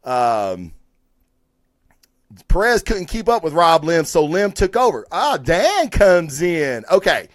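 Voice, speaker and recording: Male stream host reviewing comics: casual, rambling, profane, slightly high-pitched voice, dry close sound. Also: very animated, slow, dry recording.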